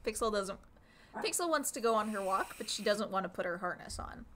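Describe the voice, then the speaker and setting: A woman's voice: medium pitch, lively intonation, a little fast, fairly bright tone. A woman chats casually while playing a video game, and she tells a long story. She rambles with frequent laughs and ums in a mid-range voice. Faint room noise hums behind her. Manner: chatty storyteller, laughs often, trails off with ums. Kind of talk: casual gameplay chat. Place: home.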